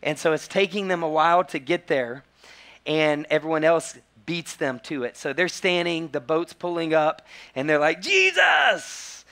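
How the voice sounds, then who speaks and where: A man, preaching a sermon as a pastor and telling stories with lively quoted voices. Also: normal speed, clean tone. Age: 40s. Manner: animated storytelling, acting out quotes in high voices.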